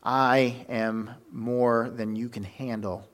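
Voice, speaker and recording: A man's voice: medium pitch, slow pace. Guy preaching a sermon, acts out the stories, lots of uhs and restarts. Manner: animated storytelling with fillers and self-corrections.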